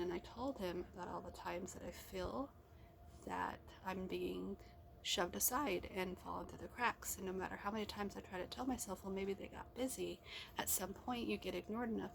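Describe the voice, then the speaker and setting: A woman's voice: mid-range voice, creaky, a little hiss or hum. A middle-aged woman rambling in a casual personal vlog, talking to herself with restarts. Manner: rambling, self-talk with restarts. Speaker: vlogger. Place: car or at home.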